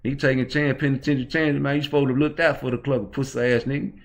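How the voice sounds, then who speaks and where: A brash, cocky young street hustler, as a man puts him on, his voice pushed well above the man's own low tone. He talks in loud, profane, boastful banter, jeering at whoever is in front of him. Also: a little fast, close to an everyday voice. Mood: taunting.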